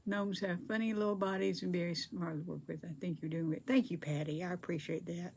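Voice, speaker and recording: Gravelly older woman crafting live. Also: lowish voice, fairly even intonation, brisk, a little mellow, a little hiss or hum. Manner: chatty, reads viewer comments aloud, folksy. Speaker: craft livestream host. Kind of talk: casual livestream chat while crafting. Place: home craft table.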